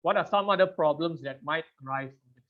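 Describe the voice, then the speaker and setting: A high-voiced man in his thirties teaches a public speaking class over a video call as an online presentation. He's brisk and animated, laughing often and repeatedly questioning his audience, though the audio is dull and lo-fi.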